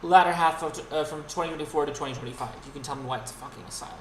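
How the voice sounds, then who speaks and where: A man's voice: on the high side, rapid-fire, a bit bright. A man hosting his own livestream, ranting in a profane, exasperated way, often restarting his sentences. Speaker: streamer and host. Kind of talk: unscripted rant on a livestream. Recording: roomy with faint background noise.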